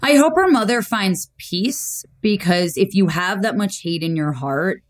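Animated young woman telling a story. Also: mid-range voice, measured pace. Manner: animated, acts out quotes. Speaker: podcast guest. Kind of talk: casual storytelling chat.

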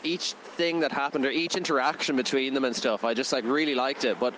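A man's voice: medium pitch, fairly even intonation, a little fast, fairly bright tone, a little hiss or hum, rough recording. A man, co-hosting a casual film review podcast and rambling through his thoughts with lots of fillers. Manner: rambling, full of "like" fillers, laughs often.

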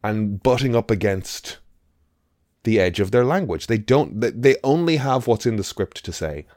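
Guy co-hosting a movie podcast, kinda low voice, dead dry mic, rambles and swears a bit. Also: lively intonation, moderate pace, darkish tone, no echo. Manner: rambling, emphatic, swears casually. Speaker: podcast co-host. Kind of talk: casual film review chat.

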